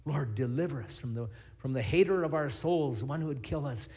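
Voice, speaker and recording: Animated storytelling male pastor. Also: mid-range voice, brisk. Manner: storytelling, animated, acts out scenes. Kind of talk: sermon.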